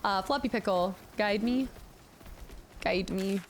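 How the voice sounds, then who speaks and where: A woman's voice: medium pitch, slow, slight background noise. A woman in her late twenties chatting casually on a gaming livestream, talking with her chat and laughing often. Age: late 20s. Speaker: streamer.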